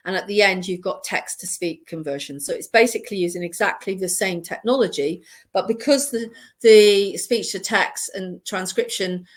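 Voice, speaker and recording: A woman's voice: medium pitch, normal speed. A British woman presenting a webinar, explaining things in a rambling way full of fillers and restarts. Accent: British English. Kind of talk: live webinar teaching.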